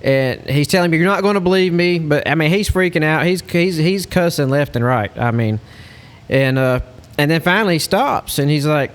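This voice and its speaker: A man, a hunting lodge guide, telling a story in a casual, animated way. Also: fairly high pitch, normal speed. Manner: animated storyteller, Southern-style speech.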